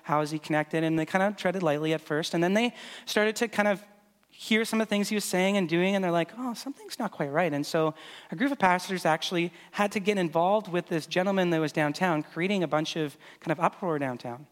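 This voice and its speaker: A pastor's voice, sitting high and moving fairly quickly, carries a casual sermon as he coaches volunteers through a demonstration. He talks conversationally and loosely, leaning on lots of fillers. The hall gives the recording a long reverb.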